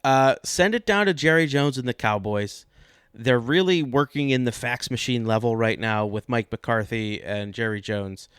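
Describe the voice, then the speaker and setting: Deadpan comedic male podcast co-host. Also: mid-range voice, normal speed, clear, resonant tone, no echo, clean studio sound. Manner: deadpan, mock-serious delivery. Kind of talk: comedic sports podcast banter.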